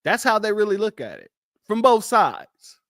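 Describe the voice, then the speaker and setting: A man's voice: sits high, big pitch swings, moderate pace, a bit bright, dry recording, studio quality. A man hosting a reaction commentary show, mocking and incredulous as he talks back at clips. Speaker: commentary host.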